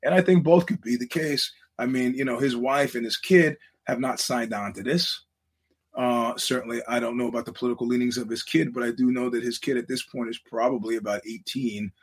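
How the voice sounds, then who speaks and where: Man, podcast host, husky, middle pitch, rambling casual monologue, many restarts. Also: fairly even intonation, fairly quick. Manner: rambling, frequent restarts, quotes others in voices.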